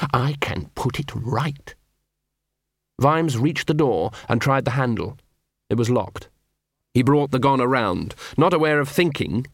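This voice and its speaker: A man narrating a story in a steady storytelling manner, lightly voicing the dialogue. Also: medium pitch, dry recording, studio quality. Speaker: audiobook narrator. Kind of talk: scripted narration.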